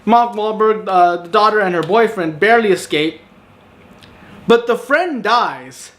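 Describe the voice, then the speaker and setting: Guy with a high voice rambling thru a movie review, lots of um and you know, kinda sarcastic. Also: expressive, measured pace, a bit bright. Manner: rambling, filler-heavy, sarcastic, breaks into exasperated outbursts. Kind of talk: casual spoken review.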